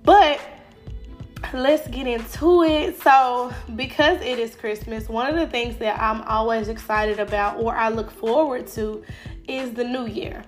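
A woman's voice: fairly high pitch, fairly even intonation, unhurried, soft background music. A woman, stuffy from a cold, hosting a faith-based motivational podcast in a casual, encouraging way with many fillers. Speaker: podcast host.

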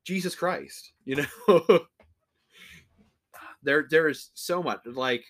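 A man's voice: a little high, slow pace. A young man co-hosting a podcast, joking crudely, laughing often and acting out quoted lines. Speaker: podcast co-host. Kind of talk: casual crude banter.

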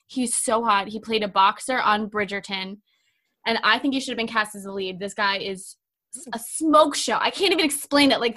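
A young woman co-hosting a chatty podcast, gushing and animated as she talks. Her voice sits a little high and sounds bright and forward. She fills her talk with lots of "like". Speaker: podcast co-host. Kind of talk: casual chat.

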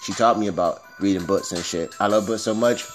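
Fast-talking, profane young man from Miami. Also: fairly low pitch, faint music behind. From Miami, Florida, US. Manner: loose, profane, slangy, animated asides. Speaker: podcast host. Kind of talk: casual storytelling monologue. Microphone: phone recording.

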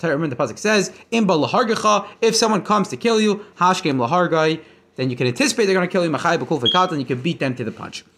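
A man giving a casual Talmud lesson, reading passages and retelling them with animated storytelling, often restarting and correcting himself. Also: fairly high pitch, fast, noisy background. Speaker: Talmud teacher.

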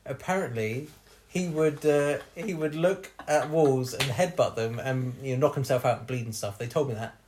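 A man's voice: medium pitch, moderate pace, a little mellow, slight background noise. A man, hosting a podcast and telling a long personal story in casual chat, laughing often as he goes. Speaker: podcast host.

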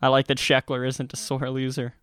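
Young male co-host, wry and relaxed, smooth voice, dry close mic. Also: mid-range voice, fairly quick, dry recording. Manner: laid-back, wry, says dude. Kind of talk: casual movie reaction chat.

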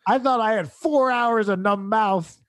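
A podcast host, a man with a notably high voice, spins an exasperated comic anecdote with biting sarcasm and bursts of laughter. The sound is dry and close, with no room tone. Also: measured pace, fairly bright tone, no room sound. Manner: sarcastic, exasperated, laughs through his story. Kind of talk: comedic storytelling rant.

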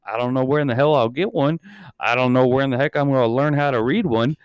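A man in his thirties rambles through a casual podcast chat, cursing freely as he goes. His voice is smooth and resonant, recorded close and dry with no room sound. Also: medium pitch, fast, no echo. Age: 30s. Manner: rambling and heavily profane. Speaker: podcast and channel host.

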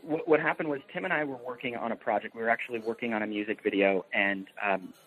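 A man's voice: mid-range voice, fast talker, slightly rough. A man, a film producer guest on a podcast, telling a story with enthusiasm and laughter in casual chat. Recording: tinny phone-like line.

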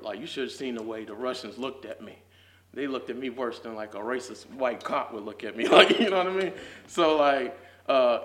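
A young man teaching a casual Sunday school Bible lesson, talking in slang with lots of "like"s and growing fervent as he goes. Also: mid-range voice. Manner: fervent, builds to near shouting, laughs often; casual slangy talk with many "like"s. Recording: echoey room.

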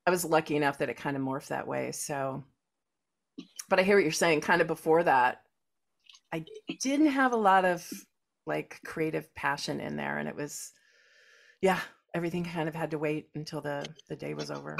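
Woman, California Valley accent, lowish voice, relaxed podcast host, trailing sentences. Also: normal speed, gravelly. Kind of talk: casual chat.

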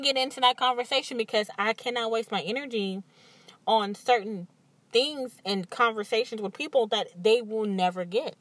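A woman hosting a podcast, telling stories in an animated, candid way and acting out what others said. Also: on the high side, normal speed, dry recording. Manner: animated storytelling with acted-out quotes and frequent laughs; emphatic and candid. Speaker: podcast host. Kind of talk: casual monologue.

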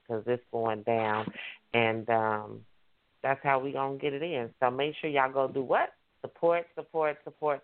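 With a smooth, mid-range voice, the online radio host keeps the casual show talk hyped and repetitive. He calls out to his listeners call-and-response style, heard over a tinny phone line.

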